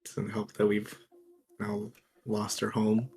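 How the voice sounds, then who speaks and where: A man playing his character in a tabletop game, speaking hesitantly with halting restarts. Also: lowish voice, completely flat delivery, a little mellow. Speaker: player.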